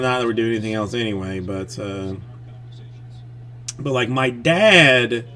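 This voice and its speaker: A man's voice: medium pitch, pushed and bright, a little hiss or hum. A man hosting a live stream in casual chat, telling a family story in a rambling way, full of restarts and fillers.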